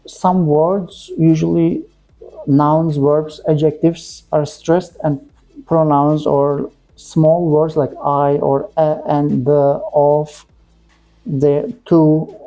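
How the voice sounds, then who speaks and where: A man teaching English pronunciation, saying example words slowly and repeating them, with short, plain corrections. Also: on the high side, mellow. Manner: simple, direct phrasing with plain corrections. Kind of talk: pronunciation lesson.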